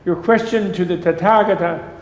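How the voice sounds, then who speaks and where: A man reading aloud the words of the Buddha as a calm, ancient male teacher, in a lecture. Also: sits high, echoey room, long reverb tail, natural voice, poor audio. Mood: measured. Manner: measured, read aloud.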